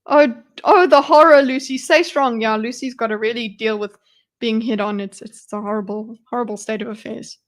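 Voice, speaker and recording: A woman's voice: on the high side, fairly even intonation, brisk. Chatty woman streamer muttering along. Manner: chatty, muttering asides while reading along. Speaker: streamer diagramming a debate. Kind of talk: casual livestream commentary.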